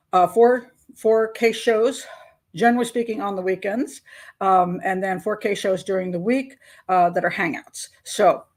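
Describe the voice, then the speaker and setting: A woman's voice: medium pitch, darkish tone. An older woman hosting a live stream, chatting casually and rambling with frequent laughs. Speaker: host.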